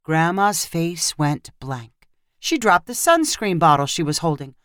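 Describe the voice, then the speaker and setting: Slow, expressive woman storyteller. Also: on the low side, dry recording, clean studio sound. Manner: expressive, acts out the characters. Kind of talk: scripted story narration.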